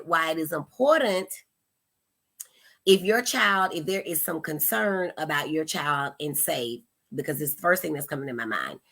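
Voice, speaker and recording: A woman in her thirties, a mother hosting a parenting advice talk, speaking in an animated, expressive way and acting out the questions she quotes. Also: medium pitch. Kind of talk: casual advice talk to camera.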